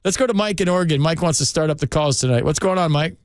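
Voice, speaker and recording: A man's voice: a little high, fast, clean tone, dry recording. A man hosting a late-night sports call-in radio show, talking in an earnest, rambling, heartfelt way from a studio microphone.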